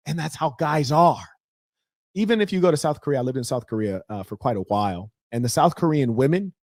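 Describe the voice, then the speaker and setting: A man's voice: on the high side, no room sound, studio quality. A man hosting a casual livestream, talking loosely with slang and mocking asides. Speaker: livestream host.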